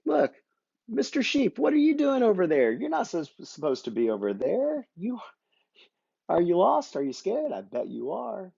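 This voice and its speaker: A toy shepherd calls out high and excited, full of eager concern, as a man puts him on. His voice stays gravelly beneath the lift, and the recording is dull and lo-fi. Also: moderate pace, no echo, full character voice. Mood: excited searching. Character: toy shepherd counting and searching for his sheep.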